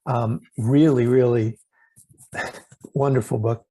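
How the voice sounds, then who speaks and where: A man hosting a relaxed interview over a video call, his voice gravelly and husky with a dark, mellow tone. He talks haltingly, stopping to restart his sentences. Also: medium pitch, rough recording. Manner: halting, with many restarts and fillers. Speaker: host. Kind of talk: casual interview chat.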